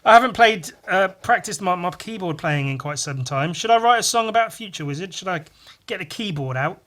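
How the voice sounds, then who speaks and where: Rambling, foul-mouthed man with a bright voice. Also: high voice, lively intonation, brisk. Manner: rambling, profane, self-mocking. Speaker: podcast host. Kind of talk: casual solo podcast while drawing.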